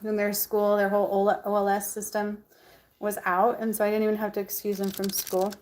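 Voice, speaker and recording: A woman's voice: mid-range voice, monotone, a little fast, a little mellow. A woman chatting casually to her camera as a vlogger, bubbly and full of ums and likes.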